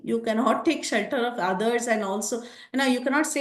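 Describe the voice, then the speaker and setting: Woman scripture teacher, lively storyteller, echoey room. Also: on the high side, brisk, hardly any pauses. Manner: lively storytelling, acts out quotes.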